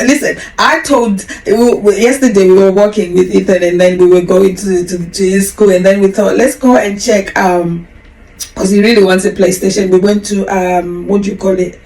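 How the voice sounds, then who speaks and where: Woman in her forties, podcast host, gravelly fry, candid rambling personal story time. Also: mid-range voice, a little mellow, poor audio. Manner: candid, emotional, rambling with restarts.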